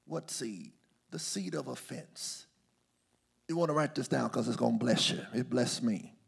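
A man preaching a sermon, calling out to the congregation and swinging from hushed asides to loud, drawn-out declarations. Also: medium pitch, creaky, breathy edge. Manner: call-and-response preaching, swings from hushed to shouting.

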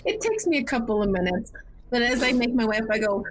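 A woman playing a tabletop role-playing game, mixing narration with her character's speech in a slow, playful way. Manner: playful, slow and deliberate delivery with lively pitch jumps. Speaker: tabletop player.

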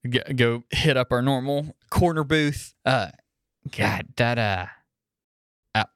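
A man's voice: medium pitch, slow pace, a bit bright, clean tone, dry recording, studio quality. A man voicing a sly goblin con man who talks with a New York accent. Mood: sheepish.

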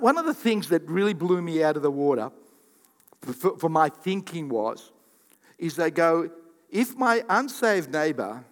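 Pastor, male, high-pitched, animated preaching in a reverberant church hall. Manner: animated, acts out quoted voices, repeats for emphasis. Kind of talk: sermon.

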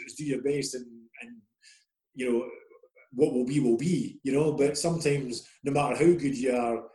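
A middle-aged Scottish man spins loose, self-deprecating football anecdotes in an easy conversational way. His voice sits at an ordinary middle pitch and carries a roomy echo around it. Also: mellow. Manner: rambling, self-deprecating storyteller. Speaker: former footballer guest. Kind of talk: casual anecdotal interview. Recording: roomy echoey sound.

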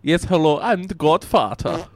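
A man's voice: a little high, moderate pace, no room sound, pitched above the performer's own voice, lightly acted. A man voicing a self-proclaimed mafia Godfather who speaks with a thick, muddled put-on accent. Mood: pompous.

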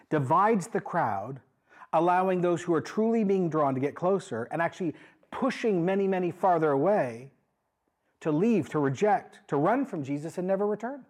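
Husky-voiced pastor preaching animatedly. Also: male voice, a little high. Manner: animated, conversational preaching with emphatic asides. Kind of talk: sermon.

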